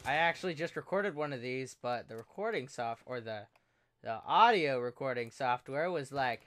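A man giving live commentary over his video game, excitable and joking, swearing and yelping as things happen. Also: medium pitch, moderate pace. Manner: joking, self-mocking asides. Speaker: gameplay commentator.

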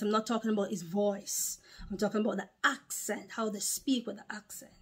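Speaking at medium pitch, a woman preaches a sermon to her video audience. She is emphatic, repeats herself, and pauses to gather her thoughts.

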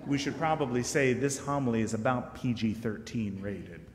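A man's voice: mid-range voice, normal speed, slight background noise. A man giving a sermon as guest preacher, in a conversational, joking way and putting questions to the congregation. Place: church sanctuary. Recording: echoey church hall.

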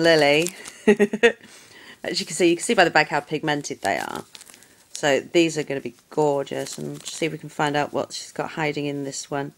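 A woman chats casually through a nail art unboxing, gushing over every item. Her voice sits a little low and she keeps her tone effusive throughout.

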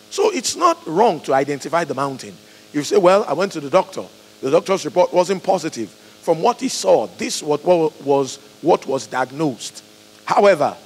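A man preaching a sermon, acting out quoted voices and swinging between loud and soft. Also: a little high, long reverb tail, slight background noise, rough recording. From Nigeria.

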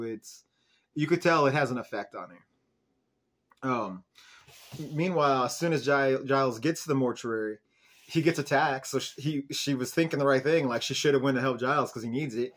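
A man's voice: medium pitch, moderate pace. Chatty man recapping a TV episode. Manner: chatty, peppered with "like" and "um", animated retelling. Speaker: show host reviewing an episode.

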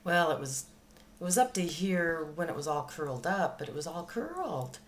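A woman in her sixties with a low voice, ranting to the camera and swearing freely, indignant and exasperated. There is a faint hiss of noise behind her in a home recording. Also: big pitch swings, moderate pace. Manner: exasperated, swearing, ranting about a bad haircut. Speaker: vlogger. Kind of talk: casual venting to camera.

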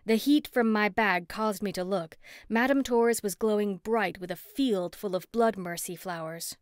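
A woman reads a first-person story like an audiobook, expressive yet steady, at a measured pace. Her voice is medium in pitch, recorded close to the mic with no echo.

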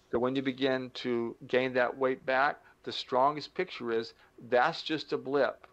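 A middle-aged man giving a motivational talk, animated, acting out little dialogues and slowing down to stress key points. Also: mid-range voice, muffled recording. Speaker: motivational speaker.

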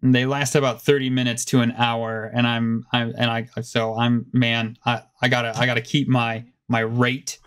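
A man's voice: normal speed, hardly any pauses, smooth. Guy cohosting a gaming podcast, rambly and jumpy, keeps restarting sentences, voice shoots up when he gets worked up. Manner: animated, rambling, self-interrupting, pitch jumps up when excited. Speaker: podcast co-host. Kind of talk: casual chat.

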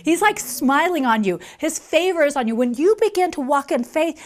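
High-voiced emphatic woman preacher. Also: lively intonation. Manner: emphatic, repeats key phrases, acts out quoted voices; slows down to stress scripture lines. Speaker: mother. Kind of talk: conference sermon.

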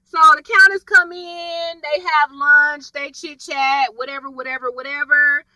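A woman giving a casual, animated recap of a TV episode and talking straight to her viewers. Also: sits high, unhurried, heavy background noise. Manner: chatty, animated storytelling, addresses viewers directly. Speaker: TV episode reviewer.

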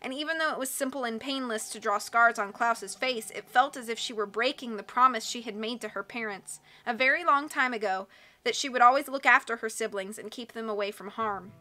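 A woman narrating an audiobook with expressive storytelling. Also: fairly high pitch, brisk. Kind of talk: audiobook reading.

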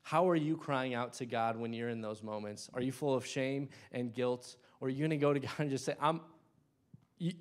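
A man's voice: mid-range voice, steady tone, a little fast, few pauses. Impassioned young man preaching a sermon. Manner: impassioned, swings between loud bursts and hushed asides. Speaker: lay preacher. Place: church.

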